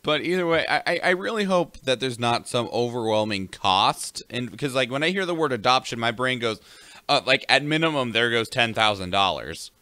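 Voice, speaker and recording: A man's voice: medium pitch, animated, normal speed, sharp tone, clear, resonant tone, no room sound. A young man co-hosting a podcast, chatting casually about news stories in a laid-back way. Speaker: podcast co-host reading news.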